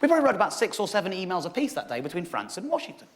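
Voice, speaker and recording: A stand-up comedian in his thirties tells a long story to a live crowd, throwing his voice up into near-shouts when he acts out the dialogue. His voice sits high, and the theatre adds a long, ringing reverb. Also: rapid-fire. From England. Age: 30s. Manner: animated, acts out dialogue with rising shouty pitch. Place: theatre stage with live audience. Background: audience laughter.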